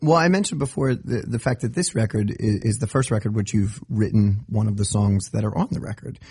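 A man hosting an interview, asking measured questions with some restarts. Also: on the low side, a little mellow, husky, no room sound, studio quality. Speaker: radio host.

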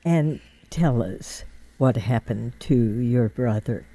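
A man interviewing a guest, with brief, measured questions and prompts. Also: medium pitch, dark tone, no room sound.

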